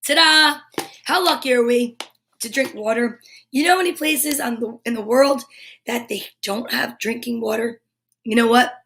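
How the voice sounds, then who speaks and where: A woman hosting a live children's show, bubbly and excitable, with playful asides and quick drops to a whisper. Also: a little high. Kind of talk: live-streamed kids' show chat.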